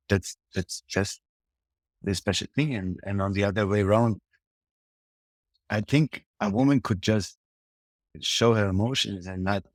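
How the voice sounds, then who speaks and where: A man, a tantra and yoga teacher who speaks haltingly, restarts phrases and searches for words, then guides a meditation. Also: lowish voice, no echo.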